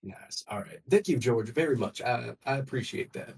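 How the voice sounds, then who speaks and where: A man's voice: medium pitch, lively intonation, moderate pace, gravelly, slight background noise. A man player in a tabletop game, talking in a hesitant, playful way with many uhs. He sounds a little distant from the microphone. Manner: hesitant, filler-laden, playful. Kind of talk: playing a character in a tabletop game. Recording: somewhat distant from the mic.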